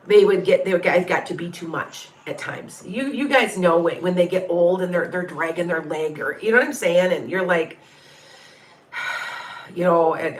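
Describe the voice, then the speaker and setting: A psychic medium and tarot reader chats casually with viewers on a livestream, rambling in a heartfelt, frank way and now and then turning salty. Her voice is fairly low and a bit bright, with reverb on the recording.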